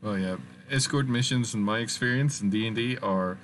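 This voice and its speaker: A man running a tabletop game session, easygoing and quick to laugh. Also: lowish voice, fairly bright tone, slight background noise. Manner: slow, easygoing, laughs often. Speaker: game master. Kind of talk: casual tabletop session talk.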